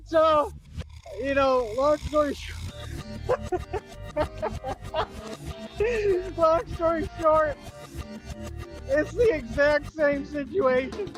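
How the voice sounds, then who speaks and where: Man, high voice, slow talk, laughing and boastful, street slang. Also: over music, rough recording. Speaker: self-styled real-life superhero. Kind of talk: livestream rant.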